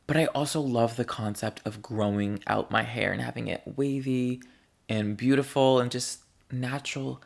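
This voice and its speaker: A young man talks to his camera in a loose, rambling vlog monologue. His voice sits low and has a gravelly fry. He sounds candid and playful, stretching out words as he goes. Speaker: vlogger. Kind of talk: casual chatty vlog monologue.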